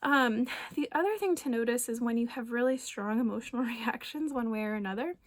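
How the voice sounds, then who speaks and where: A woman in her thirties, a naturopathic doctor, talking gently and conversationally to her viewers, with many ums and soft laughs. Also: fairly high pitch, fairly quick, no room sound. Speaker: naturopathic doctor and wellness coach. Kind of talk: casual reflective talk to camera.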